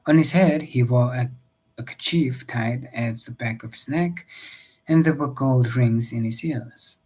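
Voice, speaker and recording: A man reading a novel aloud in a steady, measured storybook narration. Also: medium pitch, breathy edge, poor audio. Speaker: audiobook reader.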